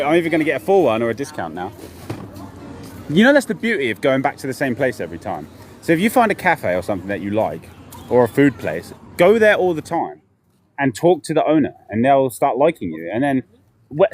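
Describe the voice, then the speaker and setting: Man, streaming while he walks city streets. Lively, rambling storyteller, faint traffic under him. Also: medium pitch, moderate pace. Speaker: vlogger. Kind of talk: casual walking live stream. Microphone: handheld camera while walking.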